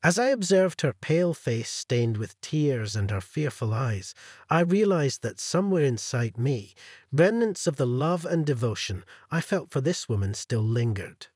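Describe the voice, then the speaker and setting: Lively, husky male story narrator. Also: medium pitch, a little slow, dry recording, studio quality. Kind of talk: first-person story narration.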